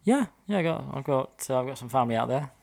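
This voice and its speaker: Mid-pitched guy on a podcast, dry and teasing, swears a bit. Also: expressive, fast talker, creaky, a little mellow. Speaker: podcast co-host. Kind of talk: casual chat.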